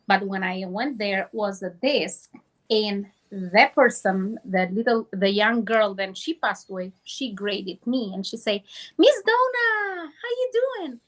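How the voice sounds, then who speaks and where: A woman telling a long dream story over a phone call, halting and restarting often. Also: medium pitch. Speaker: guest.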